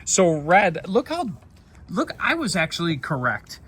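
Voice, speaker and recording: A man's voice: high voice, wildly swooping pitch, a little slow, a bit bright, husky. A man chatting casually as he fixes an RV outdoors, rambling and often correcting himself. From United States. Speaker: RV repair vlogger. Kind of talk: casual how-to vlog.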